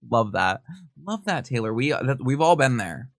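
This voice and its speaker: A man hosting a casual podcast, reading texts and firing off gossipy reactions. His voice sits in an ordinary middle pitch. The sound is close and dry, with no room echo. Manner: animated, gossipy, reads texts aloud with quick asides and laughs. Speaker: podcast host.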